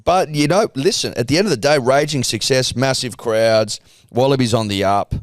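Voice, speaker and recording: A man's voice: medium pitch, normal speed, dry recording, studio quality. A man with an Australian accent, co-hosting a casual sports podcast, ranting and bantering with lots of swearing. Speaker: podcast co-host. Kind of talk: casual chat.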